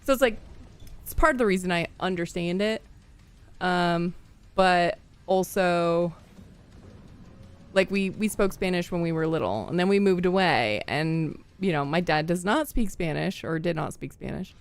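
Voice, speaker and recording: A woman's voice: lowish voice, a little slow, clean tone. Chatty woman streamer telling stories. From US Midwest. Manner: chatty and rambling, laughs often, greets viewers between stories. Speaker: livestream gamer. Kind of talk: casual chat with stream viewers.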